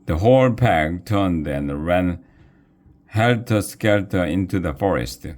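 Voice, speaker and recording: A deep-voiced man reads a children's storybook aloud slowly and deliberately. His pitch moves a lot, giving the narration an expressive, storytelling lilt. The delivery is unhurried and clear for young listeners. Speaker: reader.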